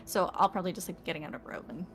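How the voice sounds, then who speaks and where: A woman's voice: lowish voice, steady tone, racing. A woman playing a tabletop game, describing her character hesitantly, with lots of "like" and "um" and frequent giggles. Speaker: player.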